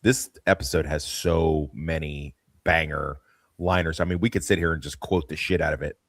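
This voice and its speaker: Low-voiced host with a slight lisp. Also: male voice, steady tone, moderate pace, no room sound, studio quality. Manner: rambling, jokey, swears casually. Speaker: podcast host. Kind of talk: casual chat.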